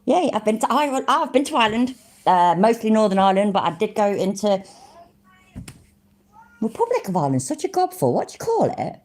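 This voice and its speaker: A woman's voice: medium pitch, very animated, fairly quick, a little mellow. A woman from Middle England, chatting casually on a live stream, easily amused and laughing often. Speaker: streamer reacting to videos and chat.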